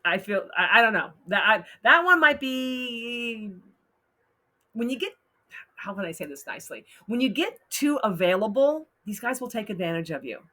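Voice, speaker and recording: A woman's voice: a little high, sing-song, normal speed, bright, forceful tone. A woman hosting a casual advice talk, frank and blunt, often laughing as she reads out posts. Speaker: host giving advice.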